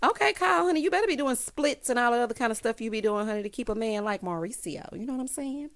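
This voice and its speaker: A woman speaks fast, giving casual, sassy commentary in a reality TV recap. She calls everyone honey and child, and her pitch swoops up animatedly for emphasis.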